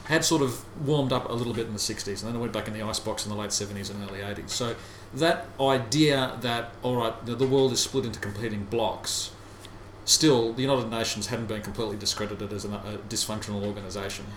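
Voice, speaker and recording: A man co-hosting a casual podcast discussion, musing reflectively with halting restarts. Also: fairly low pitch, steady tone. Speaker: podcast co-host. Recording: roomy sound with faint background hiss.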